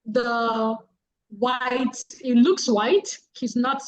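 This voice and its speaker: A woman's voice: fairly high pitch, steady tone, very slow, poor audio. A woman giving a public speaking talk on an online call, speaking earnestly and repeating key phrases for emphasis. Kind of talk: guest talk on a webinar.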